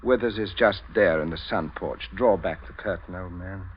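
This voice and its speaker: An actor playing a polite, murderous middle-aged father who chuckles with calm menace, in 1940s radio drama acting. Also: sits low, moderate pace, lightly acted. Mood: menacing. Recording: dull, faintly hissy old radio broadcast.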